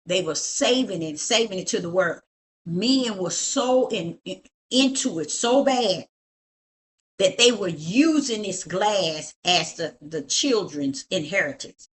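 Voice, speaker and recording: Taking it slowly, with medium pitch and lively intonation, a middle-aged prophetess walks through her home showing off items. Her talk is emphatic and preachy, and she keeps asking "you see?".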